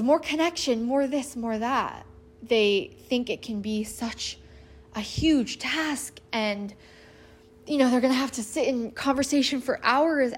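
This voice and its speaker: Woman, thirties, slightly high voice, casual storytelling, earnest, animated. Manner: earnest and animated, acts out quoted lines.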